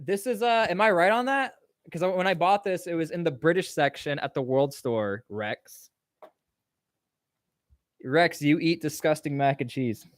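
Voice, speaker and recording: A man's voice: a little high, a little slow, no echo, clean studio sound. A man hosting a casual livestream Q&A, reading chat questions aloud and answering in a rambling, offhand way. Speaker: livestream host.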